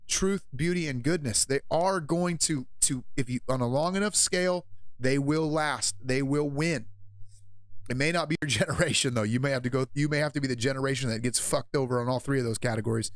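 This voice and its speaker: Male podcast host, blunt and profane, fairly high voice, dry close-miked sound. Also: fairly quick, dry recording. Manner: blunt and profane, with swings from flat to loud. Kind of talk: casual opinion monologue.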